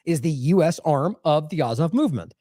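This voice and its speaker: A male commentary host with a high, lively voice that jumps around a lot. He talks in a sarcastic, mocking way, recorded close on a dry mic with no room sound. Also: fairly quick, no room sound. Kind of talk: opinionated commentary.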